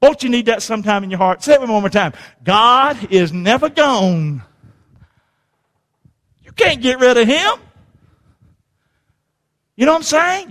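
A male pastor preaching a sermon, calling on the congregation to repeat after him and swinging between hushed words and shouts. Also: high-pitched. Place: church sanctuary. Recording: long hall reverb.

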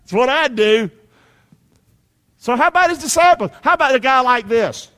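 Male pastor, high animated delivery, preaching in a reverberant church hall; swings loud to soft. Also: normal speed. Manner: animated preaching, swinging between loud shouts and low quiet asides. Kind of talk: sermon.

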